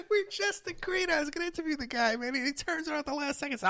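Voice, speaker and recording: A middle-aged man, hosting a podcast and telling stories in a rambling, animated monologue. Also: very high voice, a little fast, pauses often, no room sound. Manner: rambling, animated storytelling with laughs and asides. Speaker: podcast host.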